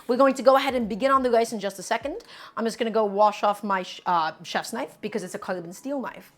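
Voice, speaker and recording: A woman's voice: on the high side, slight background noise. A woman hosting a live cooking show from a home kitchen. She gives emphatic instructions, repeats key steps and speaks straight to her viewers.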